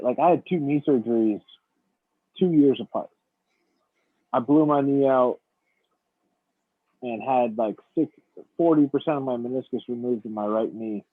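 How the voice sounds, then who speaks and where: A man's voice: mid-range voice, no room sound. Man on a tinny, dry phone-like line. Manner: relaxed, swears freely, rambling. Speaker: podcast co-host. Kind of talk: casual chat.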